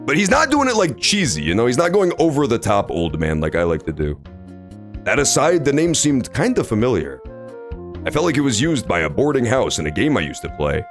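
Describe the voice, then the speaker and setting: A man's voice: medium pitch, wildly swooping pitch, fairly quick, over music. A man streaming a video game, joking and swearing while reading the story aloud. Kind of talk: casual game commentary.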